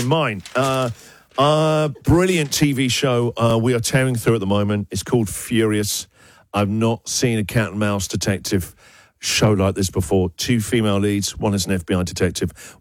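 A man's voice: fairly low pitch, dry recording. A man hosting a radio show, recommending things in an enthusiastic, emphatic way with lots of repeated words, in a studio. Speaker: radio host. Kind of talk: casual radio chat.

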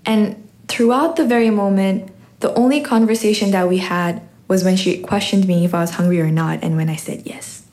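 A teenage girl tells a personal story to a live audience. Her delivery is slow, reflective and unhurried, with an even, mid-pitched voice. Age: teens. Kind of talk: personal story told on stage.

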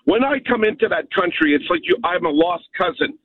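A man's voice: high voice, big pitch swings, brisk, husky, dry recording. A man from Canada calling in to a radio show, speaking bluntly and emphatically and often tossing in "okay?". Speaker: caller. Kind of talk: phone-in rant. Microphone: telephone. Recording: tinny phone line with dry sound.

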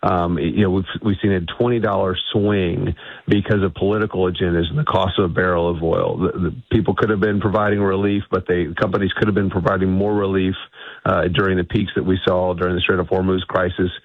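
A man's voice: low voice, level tone, a little fast, no room sound. A male radio guest talking in an emphatic, assertive way. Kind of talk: interview on a radio show. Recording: tinny phone line.

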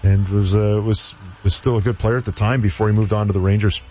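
A man's voice: fairly low pitch, fairly even intonation, quick pace, a little mellow, highs cut off. A man, a former hockey player, telling stories in casual sports chat with many fillers and restarts.

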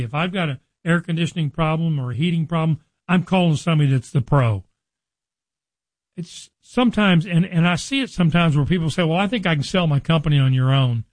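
A man hosting a radio talk segment about his business, folksy and repeating details slowly for listeners. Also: on the high side, a little mellow, dry recording, poor audio. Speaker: radio show host and business broker.

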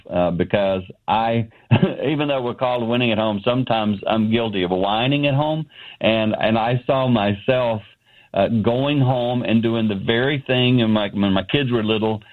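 A man's voice: fairly low pitch, moderate pace. Earnest man on a tinny phone line. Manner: earnest storytelling with fillers. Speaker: guest, ministry founder. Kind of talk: phone interview on radio. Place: his office.

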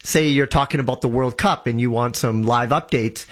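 On a show, a male tech guest with a medium-pitched voice explains technology at a moderate pace. He's eager, casual and enthusiastic, and he keeps restarting his sentences.

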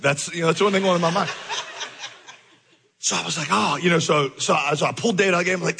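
A male pastor telling a lively story in a sermon, acting out the voices in his dialogue. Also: fairly high pitch, quick pace, slightly rough, big-room sound.

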